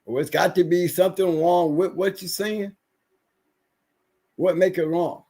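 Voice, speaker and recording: A man with a notably high voice holds forth on a livestream. He rants emphatically, often circling back and repeating his points. He has been unwell lately. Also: steady tone, measured pace, dark tone. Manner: ranting, repetitive, emphatic. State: recovering from illness. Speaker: livestream guest. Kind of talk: casual livestream rant.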